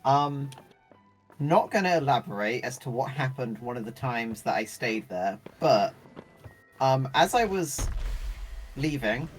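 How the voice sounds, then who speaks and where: A woman's voice: rumbling low, animated, unhurried, long pauses, soft background music. A young woman streamer telling embarrassing stories in casual chat, swearing and acting out the voices of people she quotes.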